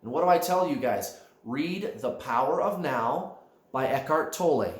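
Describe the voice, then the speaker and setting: Male spiritual coach, emphatic, lively pitch swings, echoey room. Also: measured pace. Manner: animated, emphatic, addresses viewers as guys. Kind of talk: direct-to-camera coaching talk.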